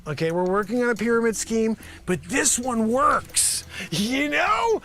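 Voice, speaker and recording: A man hosts a live improv comedy show, riffing as an over-the-top pitchman in a high, wildly swooping voice. His delivery is rambling and sarcastic, jumping from shouted bursts to low mutters. The tone is bright and edgy. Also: lively intonation, measured pace. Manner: manic, rambling, sarcastic, swings between loud outbursts and mutters. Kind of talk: improvised comedy bit, pitching a product to investors.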